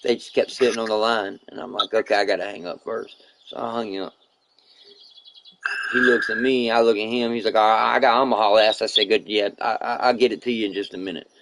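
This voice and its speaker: A man's voice: fairly low pitch, fairly quick, creaky, background noise. A man live streaming who tells a rambling, profane story in casual chat, acting out the other people's lines as he goes. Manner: profane, rambling, animated retelling with quoted dialogue.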